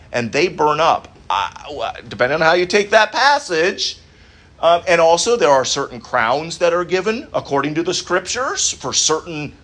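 Man, pastor, sermon teaching, slightly high voice, earnest, halting restarts, asks listeners questions. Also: fairly bright tone. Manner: earnest, thinking aloud with many restarts and repeated words.

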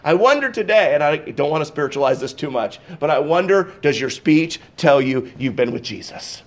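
A man preaching in a church, his voice set a little higher than most men's. He swings between loud, emphatic bursts and hushed, intense passages as he talks to his congregation. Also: lively intonation, normal speed. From Pacific Northwest. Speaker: pastor. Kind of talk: sermon. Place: church sanctuary.

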